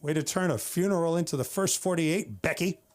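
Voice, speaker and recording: Male comic, slightly raised pitch, wry exasperated club-stage delivery. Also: a little fast. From San Francisco Bay Area. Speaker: stand-up comic. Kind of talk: open-mic stand-up set.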